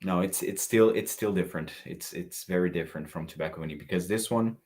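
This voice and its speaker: Very low-voiced man reviewing fragrances. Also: fast, a little mellow. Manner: chatty, reads live chat comments aloud. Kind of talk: casual livestream review.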